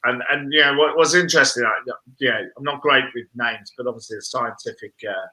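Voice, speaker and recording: Bright-voiced earnest man. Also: medium pitch, a little fast, rough recording. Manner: earnest, speechmaking, many restarts. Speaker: panellist on a business chat show. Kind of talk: casual panel discussion.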